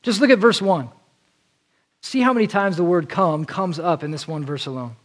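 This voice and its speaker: A man's voice: high voice, normal speed. A male preacher delivering an earnest sermon, often repeating a word as he restarts.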